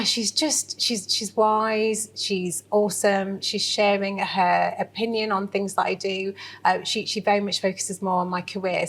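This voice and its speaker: A woman giving a candid interview, talking animatedly with lots of fillers and restarts. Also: on the low side. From England. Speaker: interview guest. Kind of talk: casual interview.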